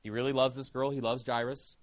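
A man's voice: medium pitch, flat delivery, fairly quick. A man preaching a sermon, fervent and emphatic.

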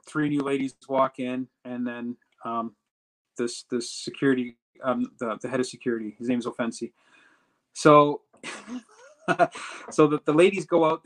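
A man telling a personal story in a casual, animated way, acting out the dialogue as he goes. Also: mid-range voice, rough recording. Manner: animated retelling that acts out quoted dialogue. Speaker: storyteller recounting a personal trip.

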